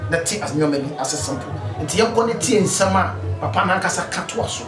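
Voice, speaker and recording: A man's voice: high-pitched, expressive, fast. A man from Ghana hosting a commentary show, steadily explaining the story to viewers. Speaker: host. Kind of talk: commentary narration. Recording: roomy echo with music behind.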